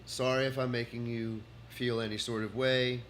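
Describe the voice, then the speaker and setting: Rambling Texan male comic, mid-pitched voice, faint room hum, casual at-home stream. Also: flat delivery, normal speed, a bit bright. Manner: rambling, restarts sentences, reads from notes. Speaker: comedian doing a livestream.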